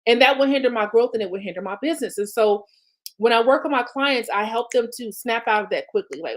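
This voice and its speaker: A woman's voice: fairly high pitch, lively intonation, fast. A woman business coach, talking viewers through planning in a chatty, encouraging way. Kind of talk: live-streamed coaching talk.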